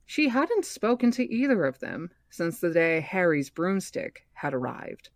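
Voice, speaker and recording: A woman hosting a book podcast reads a novel aloud in a steady, slightly low voice. She narrates evenly and corrects her small slips as she goes. The recording is dry and close. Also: a little slow, no echo. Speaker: podcast host reading aloud.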